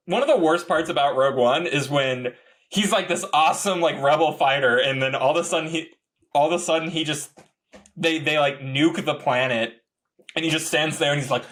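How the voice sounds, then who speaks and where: A man co-hosting a podcast in casual chat, rambling and rising into excited outbursts. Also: on the high side, fairly quick. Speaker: podcast co-host.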